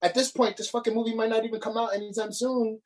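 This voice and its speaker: A man's voice: high voice, level tone, quick pace, slight background noise, rough recording. A man co-hosting a casual podcast, ranting with frequent swearing and restarts. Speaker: podcast co-host.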